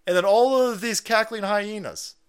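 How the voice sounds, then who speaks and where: A man's voice: sits high, normal speed, clean tone. A middle-aged man hosting a political livestream, ranting in a combative, profane way and laughing often. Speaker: livestream host.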